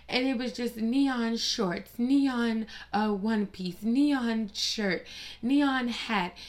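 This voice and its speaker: A woman's voice: on the high side, extremely slow. A woman vlogger delivering a dramatic, profane, mock-grieving comedic rant with plenty of sass.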